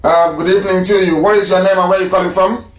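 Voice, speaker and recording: A man's voice: high voice, fairly even intonation, racing, roomy sound. A man hosting a live radio broadcast and taking calls, speaking emphatically and repeating phrases for stress.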